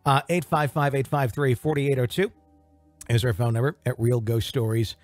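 A man's voice: mid-range voice, steady tone, moderate pace, dry recording, faint music behind. A man hosting a podcast in casual chat, joking and mimicking radio DJs. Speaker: podcast host.

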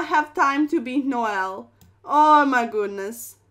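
High, bright young woman commentating live chess; playful, slangy, dramatic. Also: takes it slowly. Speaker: chess streamer.

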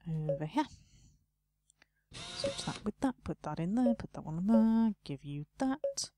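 A woman's voice: medium pitch, animated, unhurried, background noise. A woman talking casually to herself while playing a video game, muttering and playfully scolding the game's customers. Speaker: gaming video host. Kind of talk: casual let's play commentary.

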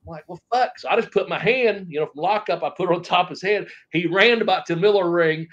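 A man's voice: sits high, quick pace, fairly bright tone. Rambling, swearing man telling wrestling stories. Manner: rambling anecdotes, acts out quoted voices, swears freely. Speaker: interview guest, former wrestler. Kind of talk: casual storytelling interview. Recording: dull lo-fi podcast audio.

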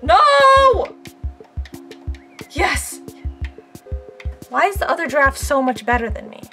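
A woman casually commenting while she plays a game, playful and excitable, cheering and trash talking and now and then squeaking in a silly high voice. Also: moderate pace, music in the background. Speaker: gaming video creator. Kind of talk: playing a game with live commentary.

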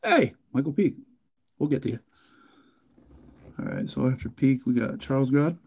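A man hosting a live card break, chatting casually and joking, getting loud and excited. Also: mid-range voice, normal speed, husky. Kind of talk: live stream break commentary.

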